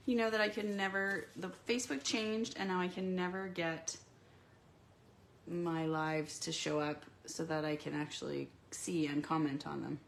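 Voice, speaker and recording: A woman with a low, stuffy voice, congested from being sick, talks her way through a live craft demo at her home desk. She rambles with lots of ums and little asides. A faint hiss sits under her voice. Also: steady tone, normal speed, gravelly. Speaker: papercraft demonstrator.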